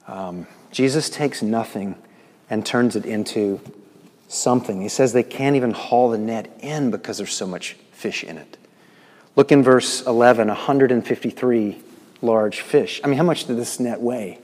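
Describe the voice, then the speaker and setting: A male pastor preaching a conversational sermon, putting questions to the congregation and moving between loud emphasis and hushed asides. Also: medium pitch, normal speed, in a large hall.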